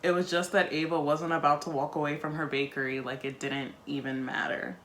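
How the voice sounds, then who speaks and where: A woman reads a novel aloud in a bright, clear voice, breaking off for casual, wry comments. Her talk stays loose and conversational, mixing reading with chat. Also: low voice, flat delivery, brisk, a little hiss or hum. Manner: chatty, wry asides between read passages. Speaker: book-reading video host.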